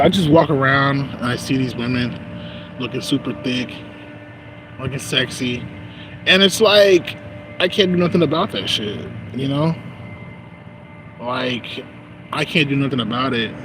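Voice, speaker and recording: A man in a casual unscripted vlog monologue who rambles and swears heavily, often asking "you know what I'm saying?", while walking outdoors. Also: medium pitch. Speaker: vlogger. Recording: street and traffic noise.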